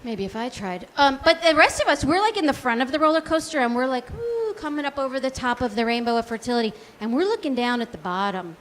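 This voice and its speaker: A woman's voice: sits high, fairly bright tone, slight background noise. A woman in her forties doing a stand-up comedy set, chatty and self-deprecating, full of likes and ums. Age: 40s. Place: small comedy club stage.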